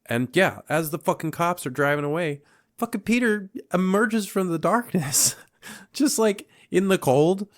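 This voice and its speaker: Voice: medium pitch, animated, a little slow, dry recording, studio quality. A podcast co-host recapping a film in casual chat, laughing often and swearing while chiming in.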